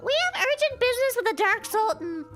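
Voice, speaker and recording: A woman's voice: very high voice, animated, brisk, fairly bright tone, faint music behind. A woman voicing a perky, teasing little winged fairy companion in a fantasy game. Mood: chirpy. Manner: chirpy, upbeat, teasing.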